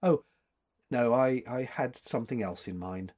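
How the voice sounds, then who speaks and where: A man's voice: medium pitch, a little slow, darkish tone, lightly acted. A man voicing a hesitant young woman artist. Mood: wistful.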